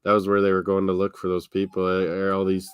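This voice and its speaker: A man's voice: low-pitched, monotone, quick pace, smooth, no room sound. A man hosting a live sports watchalong, chatting in a rambling, casual way and laughing often. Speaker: watchalong host. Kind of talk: casual live-stream chat.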